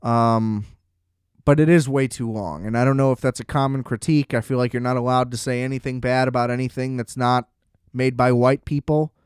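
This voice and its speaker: A film review show host recaps a movie in a casual chat, loose and joking, swearing plenty and laughing along. His mid-range voice is smooth and a little mellow, brisk with fairly even intonation. The recording is dry and close with no room echo.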